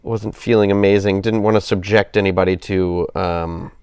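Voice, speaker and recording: A man's voice: low voice, fairly even intonation, moderate pace, darkish tone, clear, resonant tone, dry recording, studio quality. A man with a stuffed-up nose chatting casually on a live gaming stream, rambling and apologetic. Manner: rambling, apologetic, self-deprecating. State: stuffed up with a cold.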